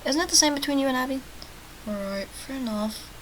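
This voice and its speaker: A woman's voice: sits high, a little fast, a little hiss or hum, low-quality recording. Chatty, sarcastic young woman gamer. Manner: chatty and sarcastic, with loud outbursts. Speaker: let's play gamer. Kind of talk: reading a text game aloud with commentary.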